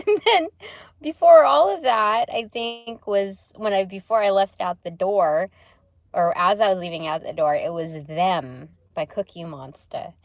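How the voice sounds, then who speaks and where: Slow, rambling, laughing woman. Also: medium pitch, no room sound. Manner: rambling, laughs often, swears casually. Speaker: livestream tarot reader. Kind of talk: casual spiritual livestream chat.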